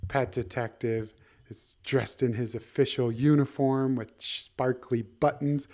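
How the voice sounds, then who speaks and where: A man tells a bedtime story with a playful, easygoing lilt. His voice sits at an ordinary middle pitch, and he slips into silly character voices as the tale goes on. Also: fairly even intonation, unhurried, warm tone.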